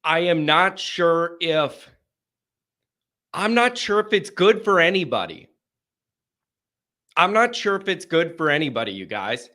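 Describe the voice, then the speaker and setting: A man's voice: fairly high pitch, sharp tone. A man hosting a live call-in sports show, sounding stuffed up and congested, talking in a hesitant, searching way that trails off and starts over.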